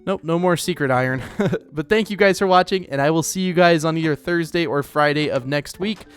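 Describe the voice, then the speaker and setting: A man's voice: fairly high pitch, a little fast, clean tone, soft background music. Chatty young Oklahoma man narrating gameplay. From Oklahoma, United States. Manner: chatty, self-deprecating, rambling. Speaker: let's play host. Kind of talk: casual gameplay commentary.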